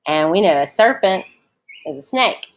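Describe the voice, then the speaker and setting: A woman's voice: on the low side, expressive, normal speed. A woman teacher with a Southern US accent explains a short story in a recorded remote lesson. She talks conversationally, explains step by step and asks her students questions.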